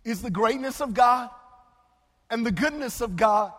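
A male pastor preaching a sermon, moving between loud, drawn-out exclamations and soft, hushed passages. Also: very high voice. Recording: long hall reverb.

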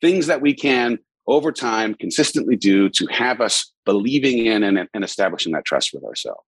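A man in casual conversation as the featured guest on a live video call, talking in a jokey way and leaping into high playful tones. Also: sing-song, moderate pace, breathy edge, dry recording. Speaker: featured guest answering audience questions.

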